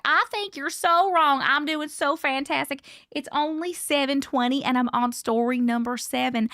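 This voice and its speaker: A woman with a high voice runs a relaxed live stream from home and chats with her viewers as she goes. She sounds playful, laughs a lot and swears lightly, with a slight cough here and there. The sound is dry and close, with little room echo. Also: normal speed, hardly any pauses. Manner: chatty, playful, laughs often, swears casually. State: coughing, needs a cough drop. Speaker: livestream host reading viewer stories.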